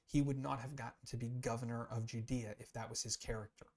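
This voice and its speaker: A man's voice: mid-range voice, steady tone, quick pace, darkish tone. Male Bible teacher, casual talk-through, emphatic and earnest, thinks aloud, mid-range voice.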